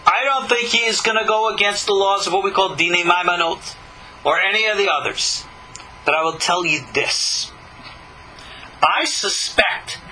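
A man with a high, very bright, cutting voice gives a scripture lesson. He leans hard on rhetorical questions and long dramatic pauses. A faint hiss of room noise sits under him. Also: low-quality recording. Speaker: rabbi teaching Torah. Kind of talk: live-streamed Torah lesson.

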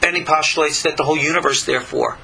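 An older man from Long Island, giving a slow, deliberate spiritual lecture with many pauses. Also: fairly high pitch, fairly even intonation, gravelly, sharp tone, slight background noise, poor audio. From Long Island, New York. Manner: slow, deliberate, pausing between phrases. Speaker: spiritual teacher.

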